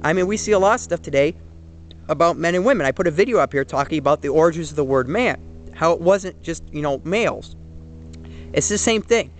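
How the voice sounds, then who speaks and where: A man's voice: on the high side, expressive, fairly quick, slight background noise. A young man in his twenties giving an earnest, rambling opinion monologue, full of fillers and restarts. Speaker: vlogger. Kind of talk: casual opinion monologue to camera.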